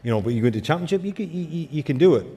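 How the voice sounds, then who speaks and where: Fast-talking man, football pundit. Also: a little high, husky. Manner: animated, quick storytelling with repeated fillers. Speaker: pundit, former player. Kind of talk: casual football chat.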